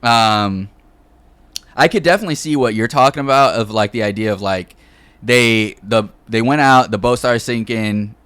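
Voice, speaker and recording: A man's voice: on the low side, normal speed, fairly bright tone, clear, resonant tone, dry recording. A man hosting a podcast, giving his views in a hedging way full of fillers. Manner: hedging, filler-heavy talk. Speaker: podcast host. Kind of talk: casual podcast chat.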